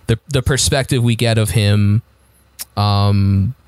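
A man co-hosting a casual podcast chat, enthusiastic, often repeating words and filling pauses with "um" and "I mean". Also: on the low side, steady tone, darkish tone, no echo. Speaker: podcast co-host. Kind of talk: casual chat about a musical.

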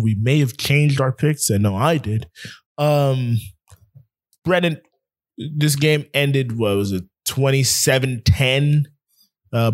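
A young man talks sports on a casual podcast. He gets heated and profane, rants hard, and laughs between points. His voice sits at an everyday middle pitch. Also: dry recording, studio quality. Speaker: podcast co-host.

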